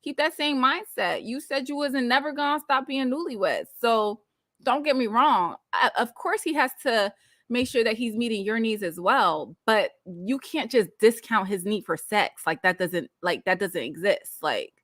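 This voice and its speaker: A sassy woman in her thirties chats her way through a reality TV recap, lively and quick with her opinions. Her voice sits a touch high, and the close recording is dry, with no room sound. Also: no echo. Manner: animated, sassy, drops into mocking quoted voices. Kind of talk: casual recap chat, reading viewer comments.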